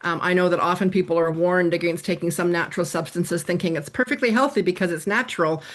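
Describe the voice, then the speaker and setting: A woman's voice: on the low side, fast talker. Explaining woman psychotherapist. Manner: explanatory, animated with acted examples. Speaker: psychotherapist guest. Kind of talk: podcast interview.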